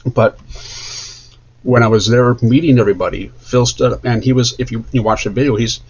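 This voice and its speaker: A man's voice: mid-range voice, steady tone, brisk, a little mellow, husky, muffled recording. A man streaming casually while he draws, chatting in an enthusiastic, rambling way. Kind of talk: casual chat while drawing.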